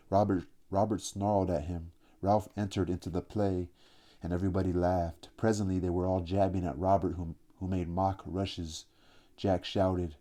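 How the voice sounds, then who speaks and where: A man reading a classic novel aloud as an audiobook, in a steady, measured way. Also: low voice. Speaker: audiobook reader. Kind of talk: audiobook narration.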